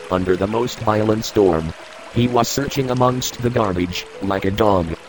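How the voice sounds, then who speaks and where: A man playing a humble, kindly wanderer in an audio drama. His low voice is earnest and plain. Faint music runs underneath. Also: close to an everyday voice, rough recording.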